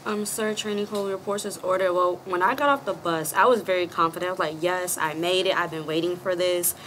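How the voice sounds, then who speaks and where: Earnest woman trainee, low voice. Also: steady tone, brisk, fairly bright tone, a little hiss or hum. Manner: earnest, formal address to superiors. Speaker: military trainee. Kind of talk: recounting a personal story in class.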